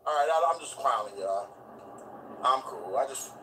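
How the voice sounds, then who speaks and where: A man's voice: mid-range voice, normal speed, far from the mic, a little hiss or hum, rough recording. Profane ranting man streaming from his car. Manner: loud, profane, animated ranting with yelling bursts. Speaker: commentary streamer. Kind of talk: ranting live stream commentary. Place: driving in a vehicle. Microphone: phone in hand.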